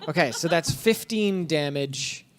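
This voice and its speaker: A man running a tabletop game as game master, chatty and animated, narrating gory combat with relish. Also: on the high side, unhurried, music in the background.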